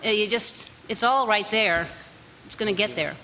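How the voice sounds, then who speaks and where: A woman's voice: mid-range voice, moderate pace, in a large hall, very noisy. A woman judging a talent show on live TV, playful and rambling with jokes. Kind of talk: live TV critique. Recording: live TV studio with loud audience.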